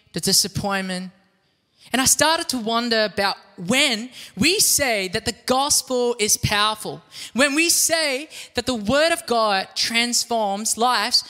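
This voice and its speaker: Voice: mid-range voice, sharp tone. A conference founder, giving an earnest, reflective opening address. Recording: long hall reverb.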